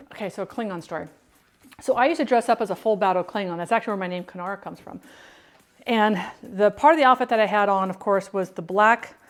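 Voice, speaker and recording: Chatty woman rambling while cooking. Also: mid-range voice. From United States. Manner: chatty, rambling, self-interrupting. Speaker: home cook and streamer. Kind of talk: casual cooking chat.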